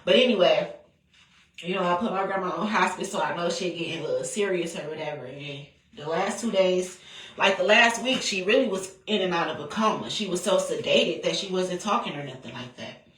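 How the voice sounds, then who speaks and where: A woman's voice: on the low side, lively intonation, fairly quick, a bit bright. A woman, telling a personal story in a candid, profane, rambling way. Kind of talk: casual storytelling. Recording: roomy, distant from the mic.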